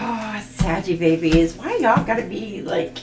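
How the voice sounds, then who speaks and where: A woman giving a live tarot reading, laughing often and swearing bluntly. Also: mid-range voice. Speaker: tarot reader. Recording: echoey room with faint music.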